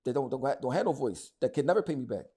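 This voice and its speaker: A man's voice: mid-range voice, animated, rapid-fire, dark tone, breathy edge. A man, talking bluntly and heatedly as an interview guest, often repeating words as he goes. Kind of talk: casual interview talk.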